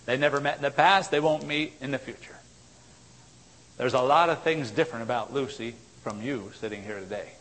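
A man preaching a sermon, swinging from loud exhortation to low, intense tones. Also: brisk. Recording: long hall reverb.

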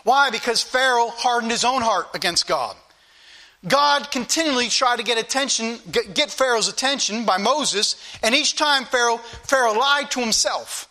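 A male preacher with a high, bright, ringing voice delivers his sermon emphatically. He repeats key phrases for weight and talks straight to his listeners. His tone stays forceful from line to line. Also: moderate pace. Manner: emphatic, repetitive, addresses the congregation directly.

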